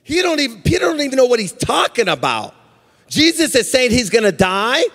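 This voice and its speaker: High-voiced preacher in a reverberant hall. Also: male voice, fairly quick. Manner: animated preaching, sing-song cadence, acts out quotes. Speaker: pastor. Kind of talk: live sermon. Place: church sanctuary.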